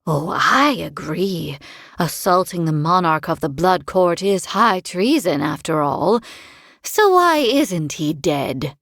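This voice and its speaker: A woman's voice: on the low side, expressive, slow pace, no room sound, clean studio sound, full character voice. Woman putting on a sour, scolding old crone. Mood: mocking. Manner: sharp, scolding and sarcastic. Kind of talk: audiobook character voice.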